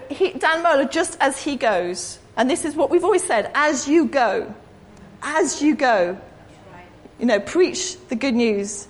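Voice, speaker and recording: A woman giving an informal, rambling, self-deprecating sermon in a church hall. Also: sits high. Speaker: preacher. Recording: echoey hall.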